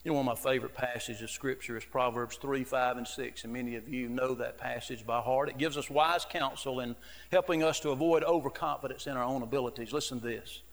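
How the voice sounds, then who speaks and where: With a steady, mid-range voice and a brisk pace, a middle-aged associate pastor preaches while a long reverb tail follows his words. He's earnest and conversational, telling stories studded with "you know."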